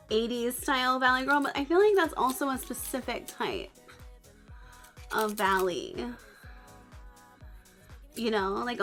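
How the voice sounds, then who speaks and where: A woman's voice: fairly high pitch, animated, a little slow, pauses often, a bit bright, soft background music. Giggly Northern Californian woman streamer. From Northern California, Bay Area. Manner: giggly, chatty, peppered with "like". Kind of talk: casual livestream chat.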